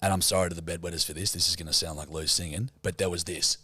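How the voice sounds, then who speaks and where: A man's voice: low-pitched, fairly even intonation, fast talker, pushed and bright, husky, no echo. A man with an Australian accent, co-hosting a podcast and telling a story with lots of swearing. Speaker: podcast co-host. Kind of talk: casual chat.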